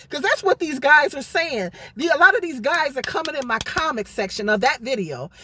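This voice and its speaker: A woman's voice: high-pitched, fairly bright tone, dry recording. Woman vlogger, heated sarcastic rant, stumbles over words, dry close sound in a parked car. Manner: indignant, sarcastic, stammers and repeats words. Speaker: vlogger responding to comments. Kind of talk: ranting commentary vlog. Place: parked car in a parking lot.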